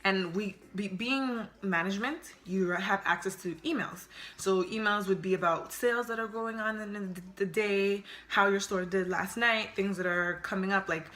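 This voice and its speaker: Bright-voiced young woman telling a story. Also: medium pitch, moderate pace. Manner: chatty, expressive, with casual slang. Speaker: storytime vlogger. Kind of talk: casual storytelling to camera.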